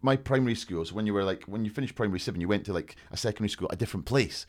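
Fast-talking Scottish man, rambling stories. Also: fairly low pitch. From north of Scotland. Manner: rambling, animated storyteller. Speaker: podcast guest. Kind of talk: casual chat.

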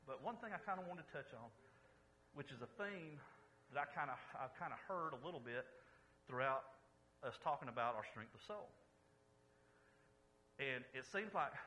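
A man's voice: medium pitch, pushed and bright, slight background noise, poor audio. A man preaching a casual, folksy sermon, rambling and joking with the congregation. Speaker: pastor.

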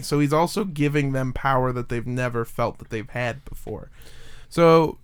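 A man's voice: medium pitch, moderate pace, smooth. A young man hosting a casual podcast, telling a story in a rambling, jokey way with lots of fillers.

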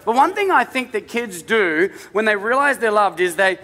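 Very animated yet speaking at a normal speed, a middle-aged pastor preaches to his congregation in an easygoing, conversational way, dropping in comic tales about his family. His high, bright voice echoes with a long reverb through the big church hall.

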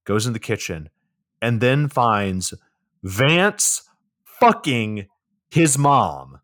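Casual movie-review guy, animated and profane, voice bounces all over. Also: medium pitch, very slow. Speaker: podcast co-host.

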